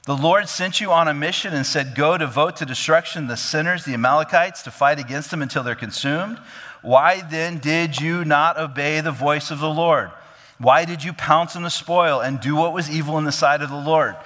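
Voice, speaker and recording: A man's voice: on the high side, moderate pace, bright, forceful tone, voice pushed up. A man voicing a stern old prophet rebuking a king, in a firm and direct manner, heard with a long hall reverb.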